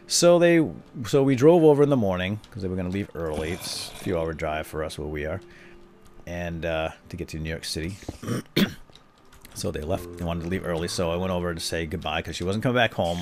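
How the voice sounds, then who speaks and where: A man in his thirties chatting casually while he plays a video game, telling family stories with jokey asides. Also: sits low. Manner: chatty storyteller, jokey asides, playful pretend salesman banter. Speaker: gaming video host.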